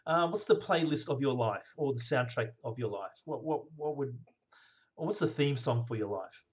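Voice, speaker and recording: Male host, middle pitch, upbeat, affirming, casual interview. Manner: enthusiastic, affirming, quick "yes" replies. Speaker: podcast host.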